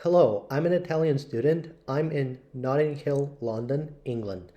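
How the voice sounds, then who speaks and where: Man, English teacher, mellow tone, slow careful read-aloud of lesson texts. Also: mid-range voice, dull audio. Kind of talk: reading textbook passages aloud.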